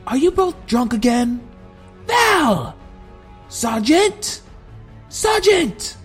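A male narrator voicing a panicky male gate guard who shouts up at the tower in a much higher, strained voice. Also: very animated, drawn-out words, faint music behind, exaggerated voice. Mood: alarmed shouting.

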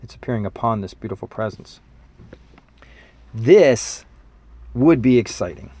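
A fifty-year-old man speaks in a relaxed, unscripted monologue, mid-range in pitch. He sounds earnest and reflective, turning keen at times, and often pauses with fillers and restarts. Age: 50s. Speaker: musician and spiritual teacher. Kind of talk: casual spoken monologue.

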